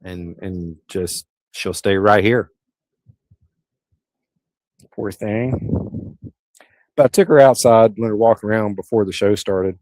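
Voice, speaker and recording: A man's voice: on the low side, takes it slowly, pauses often, a little mellow, no room sound. A middle-aged man, hosting a casual livestream and rambling easily through viewers' comments. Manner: rambling, easygoing, with frequent restarts. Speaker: livestream host.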